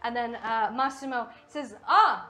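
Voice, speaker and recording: A woman's voice: a little high, a little slow, sharp tone. A woman game master narrating a tabletop game, describing scenes with many fillers.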